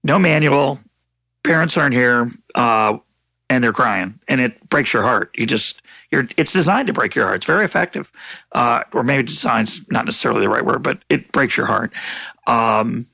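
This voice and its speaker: Guy interviewing an author, bright gravelly voice, dry close sound, kinda halting and thoughtful. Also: medium pitch, expressive, dry recording. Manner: thoughtful, halting questions with frequent restarts. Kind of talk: conversational interview.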